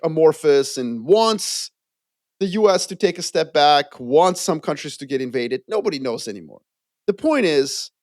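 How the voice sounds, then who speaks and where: A man co-hosting a casual podcast, explaining his views in an animated way and acting out quotes. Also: a little high, dry recording, studio quality. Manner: animated, acts out quoted voices. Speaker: podcast co-host. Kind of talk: casual geopolitical chat.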